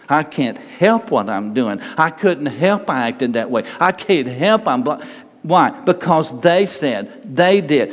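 An older man preaching a sermon as pastor, emphatic and repetitive, asking the congregation rhetorical questions. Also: on the high side. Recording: long reverb of a large hall.

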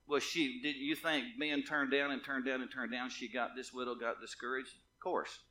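A man's voice: medium pitch, flat delivery, normal speed, pushed and bright. A male pastor preaching a fervent sermon in a church, driving his points home with insistent repetition. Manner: impassioned, repetitive preaching with rising and falling intensity. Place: church sanctuary.

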